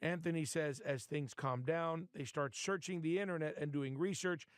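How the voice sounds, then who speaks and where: Slightly high-voiced male news reporter. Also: clean tone, dry recording, clean studio sound. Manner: measured, formal delivery. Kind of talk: scripted news narration.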